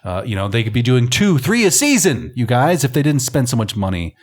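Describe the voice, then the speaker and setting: A man's voice: mid-range voice, big pitch swings, a little fast. Wry joking man hosting a film podcast. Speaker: podcast host. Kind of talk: casual movie commentary.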